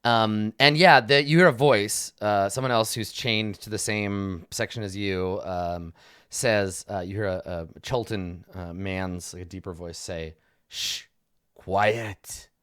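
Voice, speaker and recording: A man's voice: lowish voice, fairly even intonation, unhurried, a bit bright, smooth, no room sound, clean studio sound. A man narrating as dungeon master in a rambling way, full of ums and likes, on a stream call from home. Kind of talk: narrating a tabletop game.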